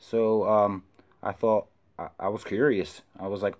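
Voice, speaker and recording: A man casually telling a story to camera, with loose, filler-heavy slang, who gets louder and higher when he quotes himself. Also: a little slow. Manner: animated, rises when quoting himself. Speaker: vlogger recounting an encounter.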